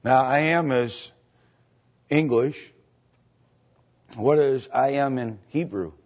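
A man teaching a Bible study lecture, halting with fillers and often checking in with "right?" and "okay?". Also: mid-range voice, darkish tone. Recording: dull lo-fi recording.

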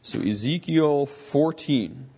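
A man's voice: mid-range voice, slow pace, warm tone, highs cut off, a little hiss or hum. A man teaching a Bible lesson, explaining as he thinks aloud and often restarting his sentences.

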